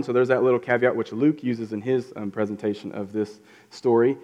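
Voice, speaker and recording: A man's voice: medium pitch, steady tone, brisk, warm tone. A man preaching a casual sermon in a conversational way, acting out quotes in voices. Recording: reverberant hall.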